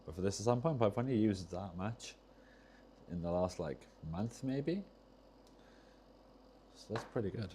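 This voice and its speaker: Low, rambling man livestreaming. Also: expressive, unhurried, pauses often, mellow, slight background noise. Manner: rambling, loses his train of thought, self-interrupting. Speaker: streamer repairing controllers. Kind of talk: casual livestream chat while soldering.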